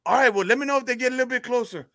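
A man putting on the voice of an excited, panicky man on horseback, with a high, yelping tone. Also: very fast, no room sound, clean studio sound.

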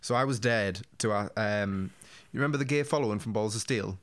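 A man's voice: lowish voice, a little fast, a bit bright. A young man, casually telling school stories, laughing and acting out what people said. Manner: laughing storyteller, acts out quotes, swears freely. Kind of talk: casual chat, storytelling.

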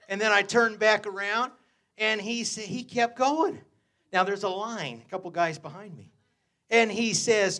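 A middle-aged man preaching a storytelling sermon, chuckling often, saying "uh" and "amen" a lot, and swinging from low asides to loud, fervent preaching. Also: a little slow. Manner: chuckles often between phrases, peppers speech with "uh" and "amen". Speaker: pastor.

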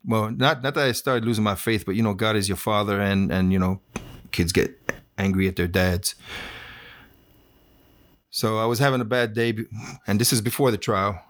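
A man's voice: lowish voice, steady tone, moderate pace, pauses often, fairly bright tone, no room sound, studio quality. A middle-aged man, a former Border Patrol agent, telling his own story in a plainspoken, wry, casual way with fillers and restarts.

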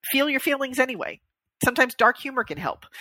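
A woman's voice: high-pitched, sing-song, fast talker, bright, forceful tone, no room sound. A woman co-hosting a podcast in casual chat, easygoing and self-deprecating, laughing now and then. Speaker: podcast co-host.

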